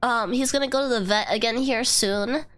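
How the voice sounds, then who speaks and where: A woman streamer, hoarse from being sick, chatting casually and giggling, squealing greetings to her viewers from her bedroom. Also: on the high side, moderate pace, a bit bright, soft background music. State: hoarse from illness. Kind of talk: casual live-stream chat.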